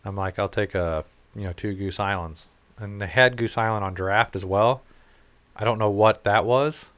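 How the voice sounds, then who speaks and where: A man's voice: fairly low pitch, moderate pace, fairly bright tone. A man co-hosting a casual podcast, telling rambling, profane stories with laughs. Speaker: podcast co-host. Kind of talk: casual chat, storytelling.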